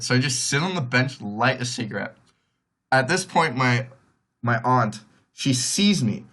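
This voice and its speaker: A man's voice: mid-range voice, lively intonation, moderate pace, a bit bright. Rambling young man telling a story. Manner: rambling, heavy on "like", acts out others' voices. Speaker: podcast host. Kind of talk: casual storytelling monologue.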